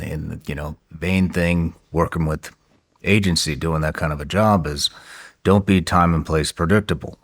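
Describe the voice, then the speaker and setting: Deep-voiced blunt man host. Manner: blunt, profane, clipped phrases. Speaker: podcast host. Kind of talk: casual storytelling.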